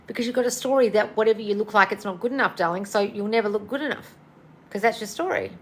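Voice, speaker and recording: A tired manifestation coach, yawning as she goes, answers listener questions on a casual livestream in a fast, mid-range voice. She's blunt, swears, and calls everyone darling.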